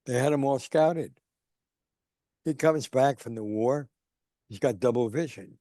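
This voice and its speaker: A man's voice: medium pitch, a little slow, warm tone, dry recording, studio quality. An older man, a guest on a video call, telling anecdotes and acting out the people in them. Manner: acts out quoted people while telling stories. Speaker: guest speaker. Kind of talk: anecdotal storytelling.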